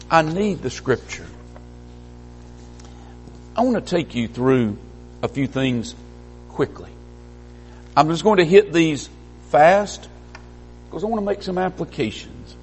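A man preaching a sermon, emphatic, swinging from stressed peaks to quiet low lines. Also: slight background noise. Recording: long hall reverb.

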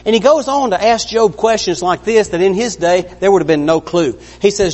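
A man's voice: sits high, a little fast, hardly any pauses. A man preaching an earnest, conversational sermon, acting out the lines he quotes. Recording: long reverb of a large hall.

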